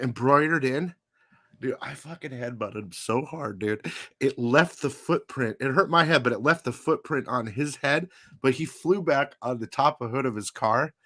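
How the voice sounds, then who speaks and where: A man's voice: medium pitch, bright, forceful tone, dry recording. A man hosting a live comic book show, telling a story casually with profanity, frequent laughs and lots of "dude".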